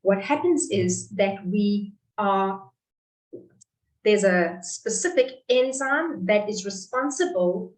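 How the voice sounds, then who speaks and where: A middle-aged South African woman, a dietitian, explaining nutrition in an online class in a measured way, speaking over a video call. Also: mid-range voice, roomy sound, recorded from a distance, poor audio. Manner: explanatory, measured, talks to participants directly. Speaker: clinical dietitian presenter. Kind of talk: online webinar teaching. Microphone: computer mic on a video call.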